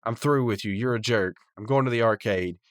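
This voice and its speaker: A man's voice: medium pitch, brisk, no room sound, clean studio sound, natural voice. A man voicing a fed-up young male cartoon bird in a snappy, exasperated way, raised above his usual voice.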